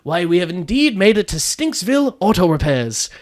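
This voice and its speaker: A man's voice: high voice, very animated, moderate pace, pitched below the performer's own voice. A man voicing a blind, foul-mouthed female bus tour guide in a comedic storytelling podcast. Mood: chirpy, guiding. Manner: swings from chirpy guide patter to furious swearing.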